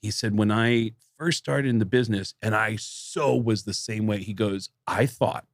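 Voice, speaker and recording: A man hosting a podcast, telling an animated story and acting out quoted voices in casual chat. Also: on the low side, moderate pace, no room sound, studio quality.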